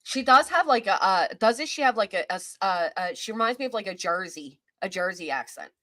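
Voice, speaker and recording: A woman with a Kentucky accent hosts a live-stream chat show, chattering casually and greeting people in the chat by name. Her medium-pitched voice is animated, brisk, and fairly bright, with close, dry sound and no echo.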